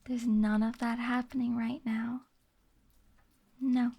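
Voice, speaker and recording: A woman streamer chatting in a soft, half-whispered ASMR voice, giggling often and sounding sleepy. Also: fairly high pitch, little pitch movement, slow, slightly rough. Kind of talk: soft-spoken ASMR chat. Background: rain ambience.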